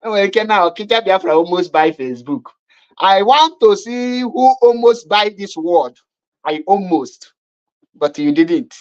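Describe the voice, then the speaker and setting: A woman's voice: medium pitch, lively intonation, unhurried, muffled recording. A woman with a Nigerian accent giving mocking online commentary, scornful and repetitive. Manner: scornful, repetitive, laughing at her opponents.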